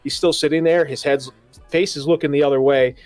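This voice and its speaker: A man co-hosting a casual podcast, retelling a movie in an animated, rambling way. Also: a little high, fairly quick, no echo, soft background music. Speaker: podcast co-host. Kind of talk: casual movie review chat.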